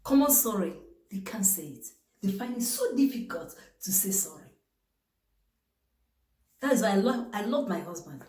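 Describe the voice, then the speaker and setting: A woman's voice: mid-range voice, animated, normal speed, long pauses, dark tone, reverberant, rough recording. A woman with a Nigerian English accent giving marriage advice to camera in an emphatic, preachy way, asking herself rhetorical questions.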